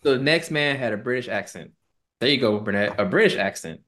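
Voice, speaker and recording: A man's voice: mid-range voice, a little fast. A man co-hosting a casual podcast, telling a story animatedly and quoting the people in it. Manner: animated retelling, quoting people in put-on tones. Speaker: podcast co-host.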